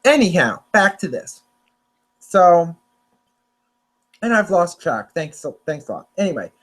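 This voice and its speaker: Young male host, high voice, chatty and rambling, stumbles and corrects himself. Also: very animated, slow, fairly bright tone. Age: young adult. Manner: rambling, restarts and self-corrections. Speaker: podcast host. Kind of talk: casual chat about storm forecasts.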